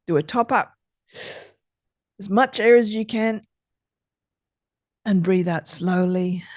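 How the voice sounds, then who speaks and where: A middle-aged woman talks listeners through a calming breathing exercise, unhurried and soothing. Her voice sits a little low and moves very slowly, and the recording is dry with no room sound. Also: vocal fry, no room sound. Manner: slow, soothing, gentle instructions. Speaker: podcast host guiding breathing exercises. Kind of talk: calm guided breathing exercise.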